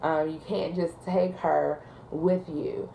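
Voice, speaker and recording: A woman's voice: sits low, fairly even intonation, takes it slowly, creaky, mellow, echoey room, slight background noise, exaggerated voice. A woman mimicking a rude, exasperated adult male caller who keeps sighing heavily and whining his complaints. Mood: indignant. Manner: heavy sighing, whiny complaining.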